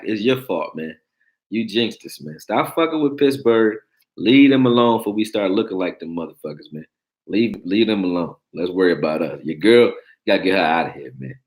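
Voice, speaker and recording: Deep-voiced blunt sports talk host. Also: male voice, expressive, normal speed, darkish tone. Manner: blunt, profane, joking, reacting to chat. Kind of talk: casual sports talk livestream.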